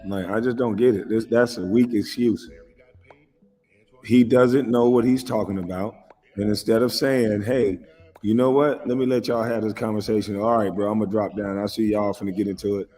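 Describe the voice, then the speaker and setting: A man's voice: fairly low pitch, steady tone, normal speed, mellow, big-room sound. An American man giving casual reaction commentary, aggrieved and repetitive, swearing freely.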